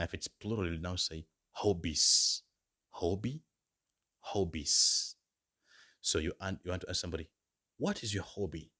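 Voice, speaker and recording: A man teaching beginner German phrases in English, slowly modelling each phrase and repeating words for learners. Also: low voice, a bit bright, husky. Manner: slow, drawn-out modelling of example phrases. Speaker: German language tutor.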